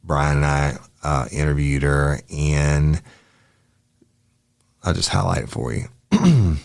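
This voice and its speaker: A man's voice: a bass voice, steady tone, vocal fry, clear, resonant tone, no echo, clean studio sound. A man, a former detective hosting a podcast, reading case transcripts aloud in a matter-of-fact way. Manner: matter-of-fact, brisk asides.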